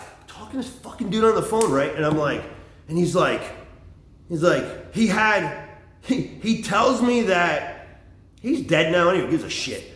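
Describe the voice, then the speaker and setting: A man in his forties rambles through a profane comic monologue in a high, lively voice. He drops into low mumbles and jumps up to shouts, and the room around him rings with echo. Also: normal speed, a little hiss or hum.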